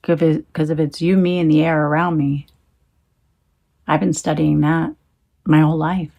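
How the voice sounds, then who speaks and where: A woman's voice: deep voice, flat delivery, normal speed, vocal fry, mellow. A woman talking into her phone in a rambling, emphatic monologue, swearing when she gets heated. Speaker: tarot reader.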